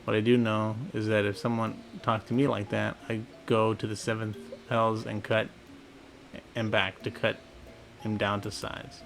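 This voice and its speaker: A man voicing a brash, rough-spoken woman sailor who blusters and scolds, for a video game. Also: on the low side, little pitch movement, measured pace, fairly bright tone, faint music behind. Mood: blustering.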